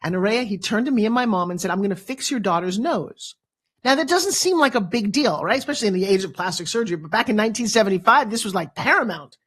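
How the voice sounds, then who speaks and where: A woman in her fifties, a motivational speaker, telling a personal story as a talk show guest with dramatic, animated delivery. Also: mid-range voice, rapid-fire, hardly any pauses, breathy edge. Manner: animated, dramatic storyteller who acts out quotes.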